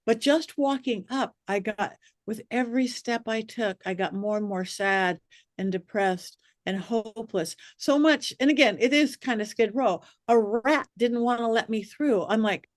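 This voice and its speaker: A woman's voice: on the high side, measured pace, dry recording, clean studio sound. A woman guest, a psychic medium, telling stories animatedly in a podcast interview and acting out the voices of the people in them. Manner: lively, acts out quoted voices.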